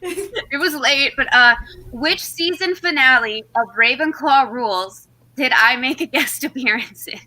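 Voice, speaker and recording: Bright-voiced woman hosting a quiz. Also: high voice, measured pace, no room sound, rough recording. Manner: lively, laughing often. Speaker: quiz host. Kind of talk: casual quiz chat on a video call.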